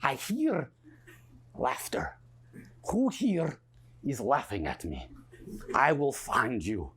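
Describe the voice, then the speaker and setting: A man voicing a paranoid, menacing movie villain, speaking in a slow drawl. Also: medium pitch, wildly swooping pitch, a bit bright, exaggerated voice. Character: menacing stereotypical Russian villain actor, paranoid.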